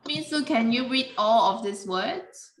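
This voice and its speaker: A woman teaching English pronunciation in a careful, deliberate way, with simple non-native grammar. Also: fairly high pitch, lively intonation, echoey room, a little hiss or hum, poor audio. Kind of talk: slow classroom explanation.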